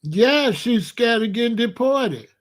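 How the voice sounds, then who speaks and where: A man's voice: extremely high pitch, expressive, measured pace. A man from Chicago hosting a blunt, profane commentary rant. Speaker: host.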